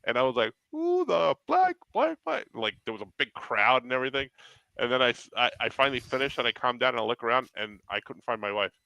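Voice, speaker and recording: A man's voice: mid-range voice, steady tone, sharp tone, clean tone, no echo, muffled recording. A man on a podcast telling a story casually, repeating words as he restarts and acting out what people said. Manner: halting, repeats words, acts out quotes. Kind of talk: casual chat.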